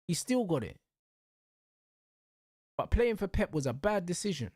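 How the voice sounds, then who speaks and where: A young man rants about football as a show host, circling back to the same points with heat. His voice sits slightly high. The sound is dry and close, with no room around it. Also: sing-song, measured pace, darkish tone, no room sound. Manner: heated, repetitive, slangy ranting. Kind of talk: casual football rant.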